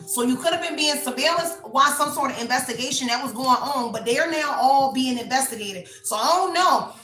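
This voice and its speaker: A woman's voice: high voice, sharp tone, roomy sound, low-quality recording. A woman giving a casual tarot reading, talking bluntly and rambling through a personal story. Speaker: tarot reader.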